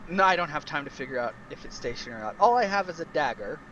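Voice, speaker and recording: A man's voice: fairly high pitch, lively intonation, quick pace, sharp tone, lo-fi sound, slight background noise. A man taking part as a player in a casual tabletop game, giving short, matter-of-fact replies.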